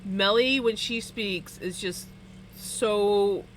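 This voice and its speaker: Speaking extremely slowly in a mid-range voice, a woman chats casually with her livestream viewers while she spins wool, giggling and laughing often between words. The streaming-setup recording is rough, with slight background noise.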